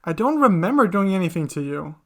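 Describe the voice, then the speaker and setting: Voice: medium pitch, very animated, brisk, fairly bright tone. Narrator as a young analytical hero. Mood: puzzled.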